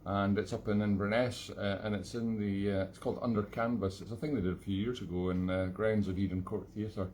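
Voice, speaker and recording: A Scottish man, an accordion player hosting a live online gig from his flat, chatting between tunes in a rambling, self-mocking, jokey way. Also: fairly low pitch, fairly quick, few pauses, a little hiss or hum. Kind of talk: casual chat between tunes.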